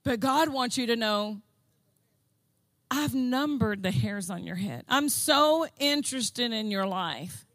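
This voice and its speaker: A woman preaching a fervent sermon, repeating phrases and building to shouted declarations. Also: a little high, animated, slow pace, no echo. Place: church service.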